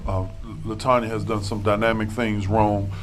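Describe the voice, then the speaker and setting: Male talk host, lowish voice, probing questioner, faint noise behind. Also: flat delivery, normal speed. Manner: probing, asks pointed questions. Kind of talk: casual panel talk.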